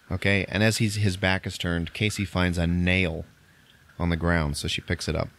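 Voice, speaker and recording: A man on a podcast recapping a movie in casual chat, acting out the characters' lines in quick put-on voices and often laughing. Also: low-pitched, flat delivery, fairly bright tone, a little hiss or hum. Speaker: podcast host.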